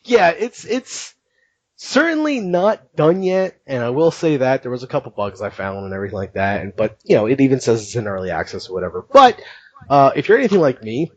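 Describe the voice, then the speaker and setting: A man hosting a podcast, recounting things in an animated, chatty way and laughing often. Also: medium pitch, fairly quick, no room sound, highs cut off. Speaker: podcast host. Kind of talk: casual podcast chat.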